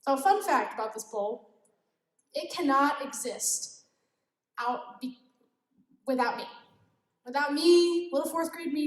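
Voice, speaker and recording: A woman's voice: high-pitched, moderate pace. A young woman giving an informal youth devotional talk, giggly and self-deprecating, often laughing as she speaks. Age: young adult. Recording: echoey room.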